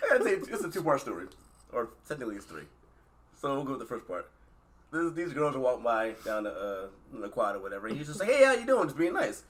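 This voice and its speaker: A man co-hosting a podcast, telling stories in a casual chat and acting out quotes in loud voices. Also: brisk. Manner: animated, acts out quotes in loud high voices, swears a lot. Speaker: podcast co-host.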